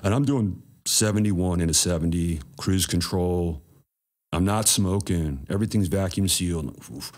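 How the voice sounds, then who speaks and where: A man's voice: low-pitched, normal speed, darkish tone. A man telling a story as a podcast guest in a laid-back, profane, slangy way. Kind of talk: casual storytelling.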